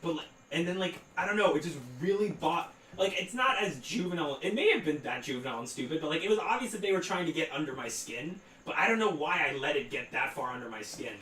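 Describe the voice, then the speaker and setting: A man in his twenties chatting casually on a podcast, his voice sitting a little high. He rambles with lots of fillers. The recording is roomy and distant, with a faint hiss underneath. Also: lively intonation, fast talker, hardly any pauses, pushed and bright. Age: 20s. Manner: rambling, filler-heavy, laughs through his story. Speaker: podcast co-host. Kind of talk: casual storytelling chat. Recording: roomy echo, off-mic, faint noise.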